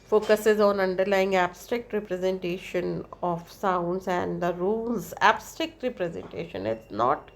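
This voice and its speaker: Woman, teacher, lecture, slow deliberate pace, explains step by step, frequent "right?". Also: mid-range voice. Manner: slow, deliberate delivery with demonstrated examples. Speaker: English teacher.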